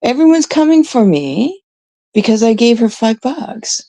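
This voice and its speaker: A woman's voice: a little high, big pitch swings, unhurried, warm tone, dry recording. A Canadian woman livestreaming, rambling casually and talking straight to her chat viewers on a close mic.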